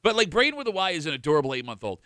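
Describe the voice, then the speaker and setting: A male radio host. His voice is bright and lively, swinging up and down as he jokes. The sound is dry and close to the mic. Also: fairly high pitch, no echo. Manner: animated, joking, quick to laugh. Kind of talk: casual radio banter.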